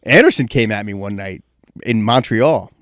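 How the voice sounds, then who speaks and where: Animated storytelling man, dry close mic. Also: moderate pace, dry recording. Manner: animated storyteller, acts out quotes in high voices. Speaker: guest, MMA media veteran. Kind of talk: casual storytelling podcast chat.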